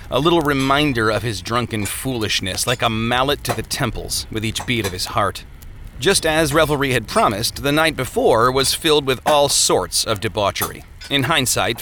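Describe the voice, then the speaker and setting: A man reading an audiobook in a measured, descriptive way. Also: medium pitch, bright, forceful tone, a little hiss or hum. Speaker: narrator. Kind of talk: scripted audiobook narration.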